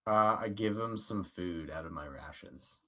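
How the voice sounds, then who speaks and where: Deadpan man playing a tabletop game. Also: low voice, unhurried. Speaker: player. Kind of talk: casual chat at a game table.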